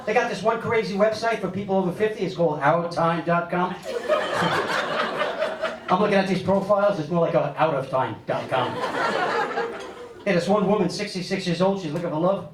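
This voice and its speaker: A man, doing a stand-up comedy set on a club stage with animated storytelling and big pitch swings for punchlines. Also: a little fast, pauses often, heavy background noise. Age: 50s. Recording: echoey club audio, mic a bit distant, loud crowd laughter.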